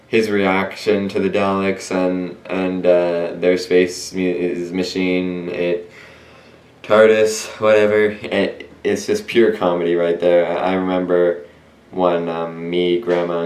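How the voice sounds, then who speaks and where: A young man giving a casual, rambling review monologue, often correcting himself and filling pauses as he talks. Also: sits low, darkish tone. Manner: rambling, self-correcting, many fillers. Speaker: video reviewer. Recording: roomy echo.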